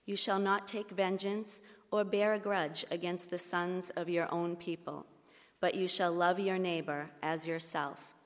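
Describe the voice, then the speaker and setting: A woman reads scripture in a measured, solemn way. Her voice sits somewhat low. It rings with the long reverb of a church. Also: fairly even intonation. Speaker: lector.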